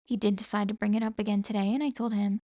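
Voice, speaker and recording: A woman's voice: mid-range voice, steady tone, fast, mellow, no echo. A young adult woman hosting her own podcast solo, chatting casually and rambling, with lots of "like" fillers and casual swearing. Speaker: podcast host.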